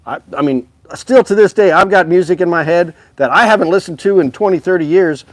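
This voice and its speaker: A man's voice: high voice, brisk, no echo. A man hosting a live music store stream, chatting upbeat and straight to his viewers about instruments. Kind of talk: casual live-stream sales chat.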